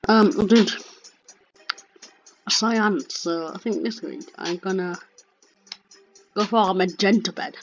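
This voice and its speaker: A woman's voice: mid-range voice, slow, long pauses. A woman hosting a gaming channel, chatting casually while building and often trailing off mid-sentence. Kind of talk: casual gameplay commentary. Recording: dull lo-fi mic with faint music.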